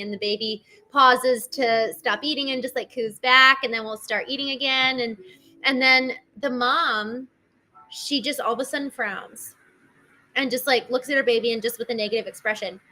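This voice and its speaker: A woman's voice: on the high side, bright, forceful tone. A woman hosting a solo talk show, speaking earnestly and conversationally, often addressing her listeners directly. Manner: earnest, conversational, with many restarts and asides to listeners. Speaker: host.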